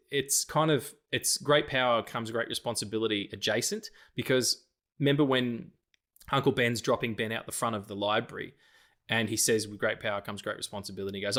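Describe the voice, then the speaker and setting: Aussie guy on a film podcast, mid pitch, swears a lot, acts out movie lines while chatting. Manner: animated, swearing, acts out lines in quick impressions. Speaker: podcast co-host. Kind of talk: casual film chat.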